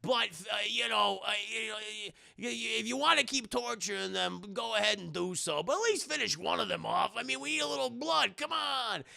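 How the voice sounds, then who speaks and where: A man's voice: high voice, animated, a little fast, creaky, hardly any pauses, sharp tone, exaggerated voice. A man putting on a smug, greedy rich villain in a cartoon recap, gushing and sneering.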